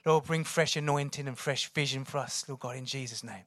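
A man's voice: medium pitch, a little fast, dry recording. A man leading a fervent prayer in church, repeating divine names between phrases. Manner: fervent, repeats "Lord God". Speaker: church leader opening in prayer. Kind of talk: spoken prayer.

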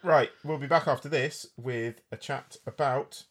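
A man's voice: mid-range voice, steady tone, a little slow. A man hosting a casual film review chat, rambling and restarting his sentences as he talks. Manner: chatty, rambling, frequent restarts. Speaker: film podcast host.

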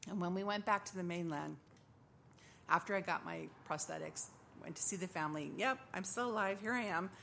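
Gravelly woman giving a church testimony. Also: lowish voice, fairly quick, fairly bright tone, slight background noise. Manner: earnest storytelling, acts out voices in quotes. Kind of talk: personal testimony.

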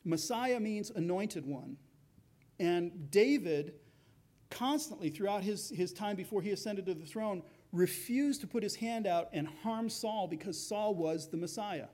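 A man's voice: sits high, expressive, a little slow, a little mellow. A man preaching a sermon as pastor, in a conversational way, acting out the voices of the people in his story.

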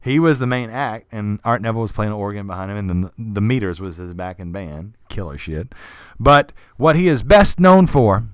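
A man hosting a casual podcast, telling a story in an animated, profane way. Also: on the low side, normal speed, clean tone, no echo. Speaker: podcast host. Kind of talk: casual chat.

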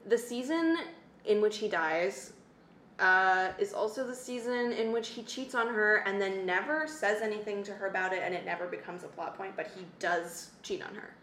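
A woman's voice: mid-range voice, normal speed. Woman co-host, casual and opinionated, room echo with faint hiss. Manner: animated, opinionated, lots of "like". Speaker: podcast co-host. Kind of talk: casual chat. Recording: echoey room, faint noise.

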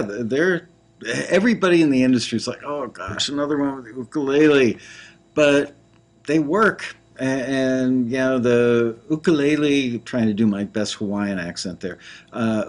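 A man hosting a casual talk show, reviewing songs in a rambling, playful way with frequent restarts. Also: medium pitch. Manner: rambling, self-interrupting, playful. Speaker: host reviewing music tracks. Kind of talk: casual chat.

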